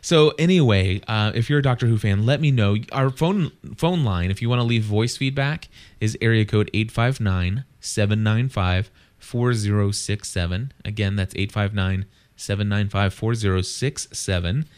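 A man's voice: fairly low pitch, moderate pace, smooth. A man hosting a podcast, chatting casually and rambling with many restarts and fillers. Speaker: podcast host. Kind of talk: casual chat.

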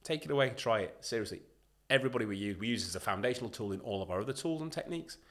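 A man talking as a guest on a podcast interview, emphatic and animated, acting out what other people say as he makes his points. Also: mid-range voice, rapid-fire. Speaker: podcast guest, leadership consultant.

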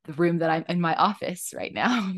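A woman hosts a conversation from her home office, cheering her guest on with quick "yes" and "I love it" replies. Her voice sits a little low for a woman, and her enthusiasm comes through clearly. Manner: enthusiastic, affirming, frequent backchannels. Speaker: podcast host. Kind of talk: casual interview conversation. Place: home office, video call.

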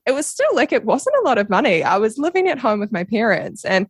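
A young woman with a New Zealand accent, a podcast guest telling her story in a casual, animated way with frequent laughs. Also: on the high side, quick pace, breathy edge, dry recording. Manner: animated, laughs often, acts out quoted voices.

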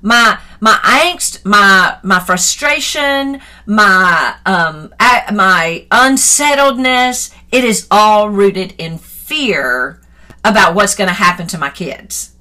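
Bright-voiced woman sharing a devotional. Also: mid-range voice, slow. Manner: earnest and reflective, grows animated and laughing when retelling a story. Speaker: Christian author. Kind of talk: personal devotional talk. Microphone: phone.

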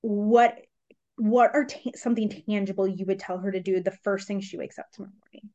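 A woman hosting a podcast, asking questions in a quick, chatty, relatable way. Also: medium pitch, steady tone, warm tone. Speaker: podcast host. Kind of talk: casual interview chat. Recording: slightly muffled podcast audio.

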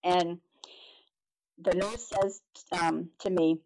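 A middle-aged woman, a podcast guest, telling a personal story in an animated way, with halting restarts and acted-out reactions. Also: on the low side, low-quality recording. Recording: noticeable background noise.

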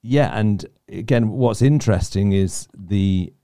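A man's voice: on the low side, takes it slowly, warm tone. A man co-hosting a casual faith discussion, reflective and often restarting his sentences. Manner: reflective, self-interrupting. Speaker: podcast co-host.

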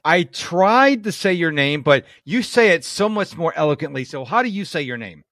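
A talkative man from Western New York hosts his podcast with a fairly high voice. He chats eagerly and tells animated stories, and the sound is dry and close, with no room around it. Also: normal speed, dry recording. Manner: chatty, enthusiastic, animated storytelling. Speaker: podcast host. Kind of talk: casual interview chat.

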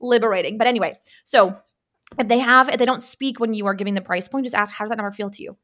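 A woman who is a marketing coach and podcast guest, talking casually and telling stories animatedly, acting out what people said. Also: a little high. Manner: animated, quick storytelling with acted-out quotes.

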